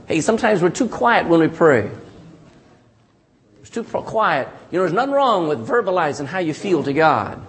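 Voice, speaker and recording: Lively high-voiced preaching man. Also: moderate pace. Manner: animated preaching with frequent call-and-response "amen". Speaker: pastor. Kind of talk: sermon.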